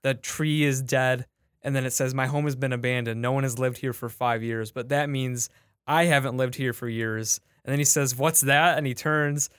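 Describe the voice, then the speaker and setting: A man's voice: mid-range voice, fairly even intonation, moderate pace, fairly bright tone, clear, resonant tone, no echo, studio quality. A man, the show's producer, retelling a comic strip in casual podcast chat, full of likes and restarts.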